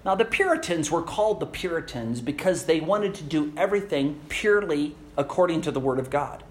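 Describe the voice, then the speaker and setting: A male pastor preaching a sermon, asking rhetorical questions and telling stories in an animated way. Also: on the high side, brisk.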